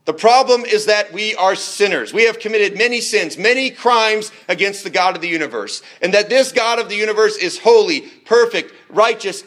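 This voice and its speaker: A man preaching a sermon in an earnest, measured way, slowing down for emphatic phrases. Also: sits high, a bit bright.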